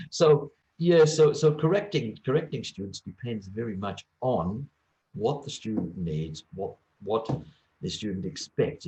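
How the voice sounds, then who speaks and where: A man who works as an English teacher and former examiner, talking through teaching advice in a relaxed interview and acting out little classroom exchanges. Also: deep voice, highs cut off. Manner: lively, acts out little classroom dialogues. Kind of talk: conversational interview.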